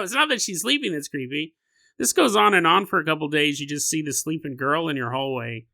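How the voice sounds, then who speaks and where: A male podcast host telling a story casually on a close mic, animated and laughing often as he riffs. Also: on the high side, normal speed, vocal fry, no room sound.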